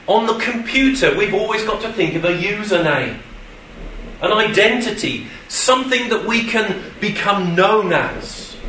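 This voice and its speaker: A man preaching a sermon as a pastor, telling stories in an animated way and putting on quoted voices. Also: high-pitched, slight background noise. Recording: echoey room from a distance.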